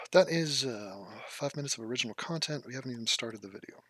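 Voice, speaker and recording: A man's voice: medium pitch, expressive, fairly quick, fairly bright tone, breathy edge. A man giving a profane, sarcastic comedic rant while reacting to an advert, sounding exasperated and swearing freely.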